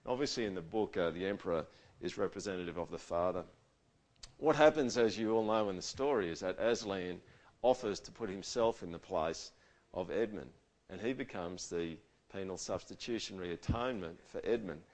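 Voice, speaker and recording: A man preaching a conversational sermon, casual and animated, asking his audience questions. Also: sits low, a little fast.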